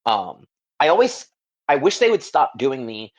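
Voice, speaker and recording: A man co-hosting a podcast, explaining his view at length in relaxed casual talk. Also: mid-range voice, measured pace. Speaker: podcast co-host. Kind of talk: casual chat.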